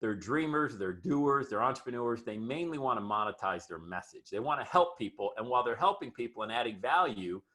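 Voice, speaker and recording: A man's voice: medium pitch, animated, brisk, hardly any pauses, bright, forceful tone. A man hosting a podcast interview, talking with hyped, emphatic enthusiasm. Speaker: podcast host. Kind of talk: energetic interview chat.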